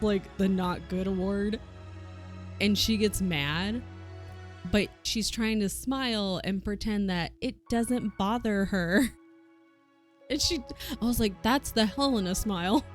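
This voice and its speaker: A woman from the American South with a softened Southern accent, chatting casually on a stream and swearing freely. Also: mid-range voice, slow. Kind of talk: casual chat while coworking. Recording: faint music behind.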